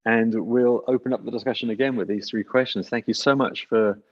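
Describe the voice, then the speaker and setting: A man hosting an online church discussion over a video call, relaxed and joking as he invites each person to speak. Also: medium pitch, brisk, highs cut off. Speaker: church host.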